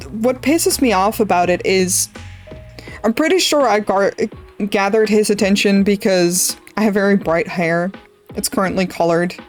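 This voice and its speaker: A young woman streamer from the Netherlands, casually rambling through a story while drawing, swearing freely. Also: mid-range voice. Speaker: art streamer.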